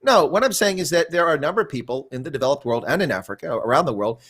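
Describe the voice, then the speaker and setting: An older man with a fairly high-pitched, slightly bright voice talks very fast and expressively as a guest in a conversational interview. He rambles through long stories and often restarts his sentences.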